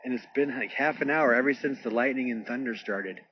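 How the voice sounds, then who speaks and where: A man's voice: medium pitch, a little fast, husky. A man filming in an open field in stormy weather and talking to someone on the phone, uneasy about a strange sound. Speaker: vlogger filming outdoors. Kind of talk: casual live narration to a phone call. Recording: dull phone recording with loud outdoor noise.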